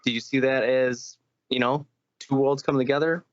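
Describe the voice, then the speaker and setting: A tired man co-hosting a gaming podcast, relaxed and low-key with dry humor, running a points game. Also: normal speed, no echo. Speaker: podcast co-host and game judge. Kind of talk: casual podcast chat. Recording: dull lo-fi sound, dry.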